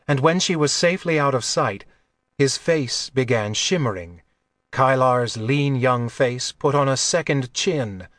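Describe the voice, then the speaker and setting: A man narrating an audiobook with a measured, even delivery on a close mic. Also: medium pitch, dry recording.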